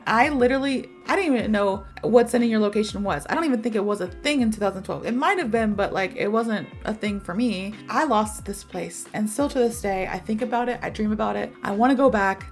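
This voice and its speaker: A woman explains a vocabulary word in a chatty, animated style, rambling through stories. Her voice sits a little high. Soft music plays faintly behind her. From American South. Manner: chatty, animated storytelling with many fillers. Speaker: English teacher. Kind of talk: casual video lesson.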